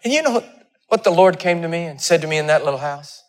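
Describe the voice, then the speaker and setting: A preacher delivering a sermon, his voice sitting high for a man. He tells stories and acts out the dialogue, sliding his voice far up and down as he goes. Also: lively intonation, quick pace. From Texas. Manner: storytelling, acting out dialogue with wide swings in pitch.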